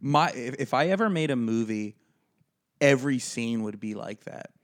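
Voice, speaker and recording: A man's voice: mid-range voice, expressive, normal speed. A man co-hosting a podcast in casual, self-deprecating chat. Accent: New York. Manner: laid-back, self-deprecating banter. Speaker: podcast co-host.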